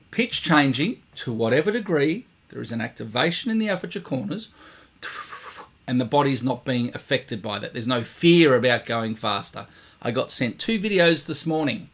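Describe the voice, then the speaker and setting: A man's voice: medium pitch, lively intonation, moderate pace. A man teaching trumpet in a casual video lesson, repeating his points and voicing buzzing sounds to demonstrate. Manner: repetitive, demonstrative, vocalizing sounds.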